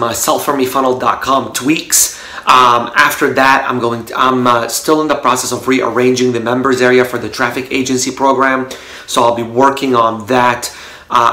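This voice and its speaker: A man speaks to his viewers from his office in a loose, rambling way, full of fillers and restarts. His voice is bright and forward. The room adds a noticeable echo around him. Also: mid-range voice. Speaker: online marketing vlogger. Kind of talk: casual vlog talk to camera. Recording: roomy echo.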